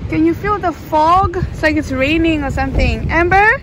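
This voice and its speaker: A woman from Namibia, a mother vlogging a family trip in a chatty, excitable way and laughing often. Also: very high-pitched, normal speed, music in the background, low-quality recording. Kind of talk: casual travel vlog to camera.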